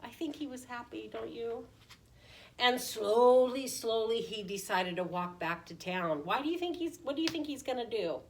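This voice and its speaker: A woman preschool teacher reading a picture book aloud in an animated way, often asking the children questions. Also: on the high side, brisk, few pauses. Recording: voice distant from the mic.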